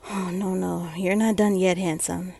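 A woman playing a commanding lover in an erotic audio role-play, breathy and often whispering, giving slow, coaxing directions. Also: lowish voice, level tone, mellow, a little hiss or hum. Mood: heated.

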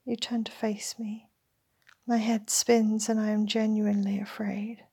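A woman narrating an erotic story in the first person as a whispered role-play, with a breathy, intimate delivery. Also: mid-range voice, completely flat delivery, a little slow, dark tone.

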